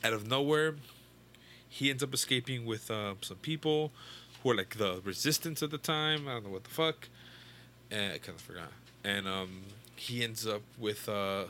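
A man's voice: lowish voice, pushed and bright, a little hiss or hum. A young man casually retelling a comic book story to a friend, rambling and swearing, full of fillers and restarts. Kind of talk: casual chat.

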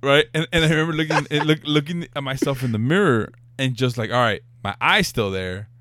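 A man chatting casually as a co-host, teasing and excitable, swearing freely. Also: medium pitch, a little fast, no echo. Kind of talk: casual chat.

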